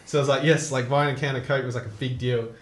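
A man's voice: mid-range voice, flat delivery, fast, roomy sound, a little hiss or hum. A young man telling stories in casual chat, laughing and swearing often. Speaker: co-host.

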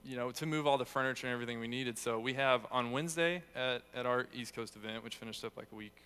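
A man's voice: mid-range voice, fast talker, bright, forceful tone, clean tone. A young man giving a casual, conversational sermon, telling stories with self-deprecating humor. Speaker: youth speaker.

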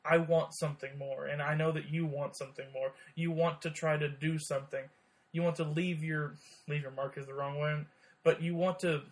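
A man co-hosting a casual podcast, with a voice a little higher than usual for a man. He talks in quick bursts, often stammering and repeating words as he goes. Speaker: podcast co-host. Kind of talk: casual chat.

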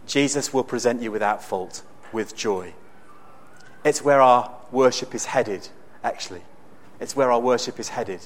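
A man preaching a sermon in a conversational, storytelling way with bursts of excitement. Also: medium pitch, moderate pace.

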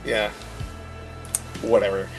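A man co-hosting a podcast, telling a story in casual chat with an animated, self-deprecating manner. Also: lowish voice, takes it slowly, soft background music. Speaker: podcast co-host.

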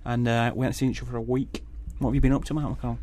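A man's voice: medium pitch, level tone, rapid-fire, a little mellow. A man co-hosting a podcast in a studio, chatting casually and teasing his guests. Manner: joking, loose, teasing. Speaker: podcast co-host. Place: radio studio.

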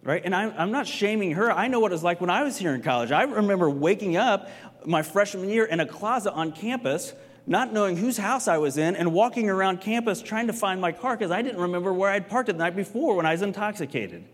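A man teaching a sermon in a casual, conversational way, often checking in with the listeners with quick tag questions. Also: high-pitched, animated, long reverb tail. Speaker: pastor teaching a Bible class. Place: stage in a large hall.

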